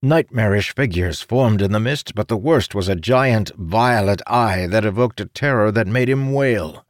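Low-voiced man reading dramatic fantasy. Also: unhurried, no echo, studio quality. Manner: dramatic reading, voicing characters' shouts. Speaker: audiobook narrator. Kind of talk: scripted fantasy narration.

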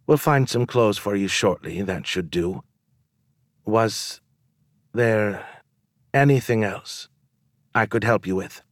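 A man reading aloud voices a young serving woman in a storybook, speaking softly and often in a whisper. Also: lowish voice, slow pace, pauses often, no echo, clean studio sound. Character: young woman servant, poised, secretly from the slums.

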